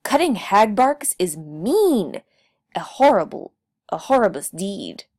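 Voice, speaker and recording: A woman voicing a loud, scolding green-crested male tree guardian in a storybook reading. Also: mid-range voice, sing-song, slow, dry recording, clean studio sound, heavily acted. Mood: angry.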